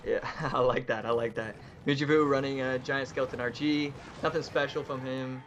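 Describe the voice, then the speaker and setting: A man's voice: mid-range voice, fairly even intonation, moderate pace, lo-fi sound, a loud crowd. Filler-heavy male esports co-caster. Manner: loose, filler-heavy analysis with many uhs and likes. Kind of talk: live esports commentary.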